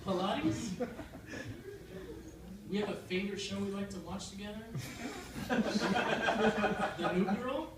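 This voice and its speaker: A young man with an American accent performing a stand-up set, telling his stories deadpan and breaking into sudden loud outbursts. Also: sits high, slow, long pauses. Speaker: stand-up comedian. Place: comedy club stage. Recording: echoey club room from far off, noisy. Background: audience laughter.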